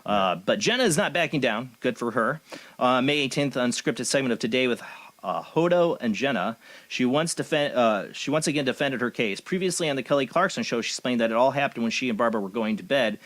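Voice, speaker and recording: A man's voice: mid-range voice, animated, a little fast, fairly bright tone. A man hosting a paranormal radio show, reading news items aloud and giving blunt, opinionated commentary. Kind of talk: casual chat.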